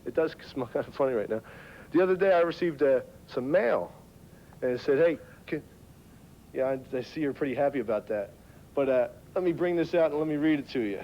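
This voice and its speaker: A man's voice: mid-range voice, lively intonation, fast, slight background noise. A man hosting a wrestling talk segment, cutting a mocking heel promo. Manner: taunting, mocking. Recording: lo-fi 1990s TV audio.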